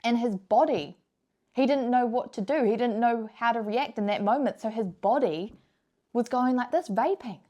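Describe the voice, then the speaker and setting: A woman's voice: fairly high pitch, moderate pace, warm tone. Blunt, swearing young woman vlogger. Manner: blunt and frank, swears freely; emphatic, repeats key points. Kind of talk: casual advice talk to camera.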